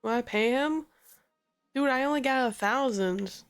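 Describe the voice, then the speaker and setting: A woman's voice: high voice, unhurried, smooth, faint music behind. A woman streaming a game, chatting in a playful, sarcastic and profane way. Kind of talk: casual live-stream commentary.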